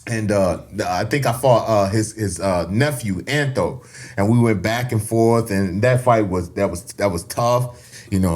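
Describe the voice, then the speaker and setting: A man in his thirties from Elgin, telling a story on a podcast in a casual, animated way and laughing often. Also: lowish voice. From Elgin, Illinois. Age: 30s. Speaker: podcast guest.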